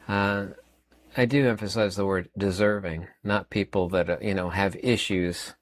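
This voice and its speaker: A man's voice: sits low, steady tone, normal speed, dry recording. A man in his fifties giving a rambling, emphatic opinion monologue as a channel host, often repeating words and using fillers. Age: 50s.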